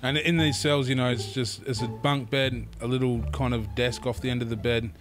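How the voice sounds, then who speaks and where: A young Australian man, a podcast guest, telling stories in a relaxed, animated way and acting out what others said. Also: medium pitch, a little fast, over music. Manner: animated, acts out quotes with laughter. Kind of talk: casual storytelling.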